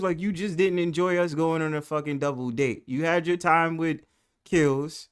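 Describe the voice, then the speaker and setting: A man's voice: on the high side, steady tone, moderate pace, smooth. Laughing, profane New York man hosting. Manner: laughs often, profane, swings between loud and mumbled. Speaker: livestream panel host. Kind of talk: casual livestream chat.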